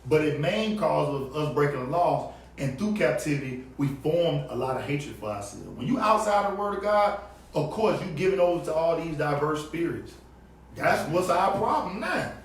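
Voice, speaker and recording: A man preaching on the street, fiery and emphatic, swinging between loud and low. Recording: echoey, distant outdoor recording with faint background noise.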